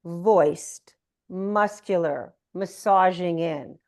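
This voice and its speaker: A woman on a video call talks at a very slow, unhurried pace as she teaches Sanskrit sounds. She says each consonant carefully and draws out her words. Her voice sits at a middle pitch. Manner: demonstrates sounds slowly, drawn-out and deliberate. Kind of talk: explaining pronunciation on a video call.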